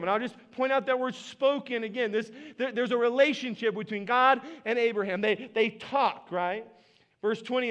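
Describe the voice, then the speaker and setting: A man's voice: very high voice, moderate pace, a bit bright. A man preaching a sermon in a conversational way, acting out the scripture dialogue with playful asides. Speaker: pastor.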